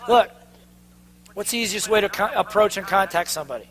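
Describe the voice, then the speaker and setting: High-voiced man firing questions at a crowd. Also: brisk, long pauses. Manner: energetic, call-and-response questions to the crowd; drops to a mocking tone for the inner doubting voice. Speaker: sales trainer. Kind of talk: live seminar talk to an audience.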